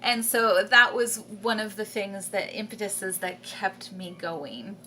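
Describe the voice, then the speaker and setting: Slow-talking enthusiastic mom vlogger. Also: female voice, mid-range voice, bright, forceful tone, slight background noise. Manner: enthusiastic, repeats words for emphasis; laughs often mid-sentence. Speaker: homeschooling mother. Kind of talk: casual vlog talk to camera. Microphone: camera.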